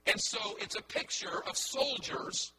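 A man's voice: a little slow, in a large hall. A man preaching a sermon, retelling scripture and breaking in with rhetorical questions and asides. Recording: distant mic with clear background noise.

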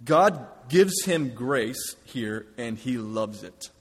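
A man preaching a sermon as a pastor, earnest, often dropping to a hush for emphasis. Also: mid-range voice, expressive, takes it slowly, husky, in a large hall.

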